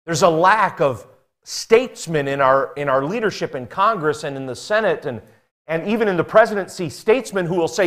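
A man preaching a sermon, reading scripture aloud and speaking earnestly, swinging between emphatic high peaks and quiet low passages. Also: animated, brisk.

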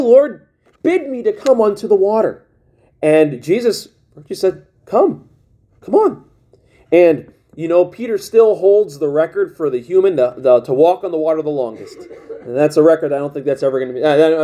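A man's voice: high voice, warm tone. A man preaching a sermon, reading King James scripture aloud and often restarting his phrases.

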